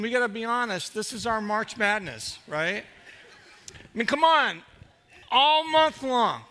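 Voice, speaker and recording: A man's voice: high voice, lively intonation, moderate pace, bright, forceful tone, a little hiss or hum. A man pastor delivering a sermon in a church, emphatic and rhetorical, building his points through repetition.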